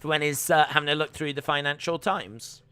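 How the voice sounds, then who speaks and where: A young man hosting a live watch-along stream, rambling chattily with viewers and calling the action in excited play-by-play. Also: on the high side, normal speed, smooth, no room sound.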